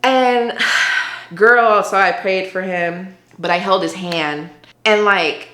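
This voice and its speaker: A woman's voice: lowish voice, slow, fairly bright tone, roomy sound. A woman giving an earnest, conversational faith testimony as an interview guest, often saying "like". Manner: earnest, conversational, heavy use of "like".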